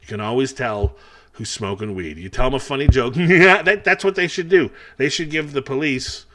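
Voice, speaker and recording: A man's voice: medium pitch, fairly quick, a bit bright. A man doing a taped stand-up comedy set, talking in a rambling, self-mocking way full of chatty asides. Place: taped show without live audience.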